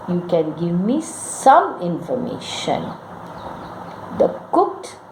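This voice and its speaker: A woman's voice: medium pitch, a little mellow, slight background noise. A woman teaching English grammar, reading out wrong sentences, then correcting them and quizzing her students. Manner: slow, deliberate, corrects each sentence and quizzes the class. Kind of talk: classroom grammar lesson. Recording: echoey room with faint ambience.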